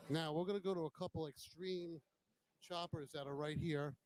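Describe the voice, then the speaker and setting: Male host, slightly high voice, casual admiring walkaround banter. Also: steady tone, normal speed, darkish tone, dry recording, low-quality recording. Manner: chatty, admiring, joking.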